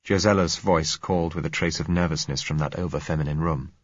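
Husky, low male narrator for an audiobook, measured, dry and slightly dull recording. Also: fairly even intonation, no room sound. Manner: measured, composed storytelling.

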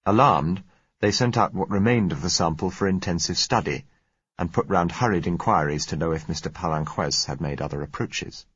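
A man reading a story aloud in a measured, dry manner, his voice very low and husky. The recording is dull and lo-fi, with a dry, close sound and no room echo. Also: a bit bright. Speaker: narrator. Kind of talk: audiobook narration.

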